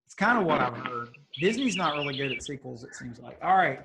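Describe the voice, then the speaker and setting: A man's voice: medium pitch, very animated, a little fast, gravelly, noisy background. A man leading a youth group on a video call, joking and teasing as he asks would-you-rather questions. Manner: playful, teasing, chatty asides. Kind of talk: casual video call hosting.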